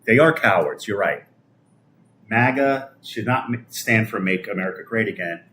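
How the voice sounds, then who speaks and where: A man's voice: fairly low pitch, expressive, sharp tone, reverberant. A middle-aged man from Brooklyn, ranting with scorn and heavy swearing on a live stream, stumbling and restarting often. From Brooklyn, New York. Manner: foul-mouthed, scornful, halting with restarts. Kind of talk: profane political rant on a live stream.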